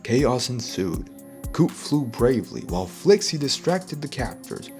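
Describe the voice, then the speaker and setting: A man's voice: mid-range voice, sing-song, a little slow, darkish tone, faint music behind. A man narrating an audiobook in a casual, slangy reading style. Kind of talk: storybook narration.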